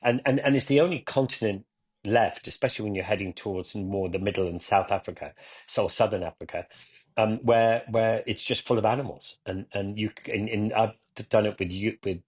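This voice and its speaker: A lower-pitched man with a husky, slightly rough voice chats as a guest on a motorcycling podcast. He tells his travel stories with energy and slips into the voices of the people he quotes. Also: a little fast. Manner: animated storyteller who acts out quoted dialogue. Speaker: guest, motorcycle adventurer and TV presenter. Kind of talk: casual podcast chat.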